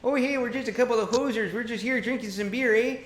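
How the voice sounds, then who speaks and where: A man's voice: very high-pitched, quick pace, echoey room, heavy background noise, voice pushed up. A man voicing a jokey Canadian hoser drinking beer, in an exaggerated Canadian accent. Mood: mock jolly.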